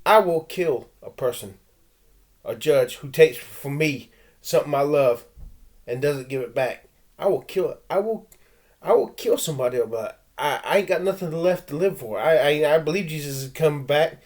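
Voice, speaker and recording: A man's voice: fairly high pitch, lively intonation, moderate pace, a little mellow. Stammering, heated man ranting. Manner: stammering, with frequent restarts and repeated words; intense and heated, with blunt threats. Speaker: vlogger. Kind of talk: rambling personal rant to camera.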